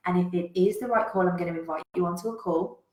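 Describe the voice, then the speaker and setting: A woman's voice: fairly low pitch, fast, a little mellow. A woman business coach giving a motivational talk, emphatic and direct, with casual swearing. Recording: roomy echo.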